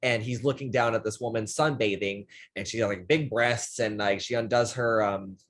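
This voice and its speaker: A man hosting a casual film chat, animated, acting out characters' lines and laughing often. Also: on the low side, moderate pace. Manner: frequent fillers and restarts, laughs often. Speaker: podcast host.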